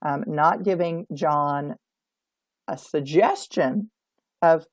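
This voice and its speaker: A woman's voice: low voice, lively intonation, slow, no room sound. A woman, an auction consultant, giving emphatic coaching tips in an instructional video. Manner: emphatic, coaching tone, acts out example dialogue.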